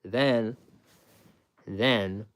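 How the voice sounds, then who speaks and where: A man with a low-leaning voice speaks very slowly as he casually explains his sandwich-making, something he did at a sandwich shop before. The explanation is step by step and emphatic, with frequent repetition and restarts.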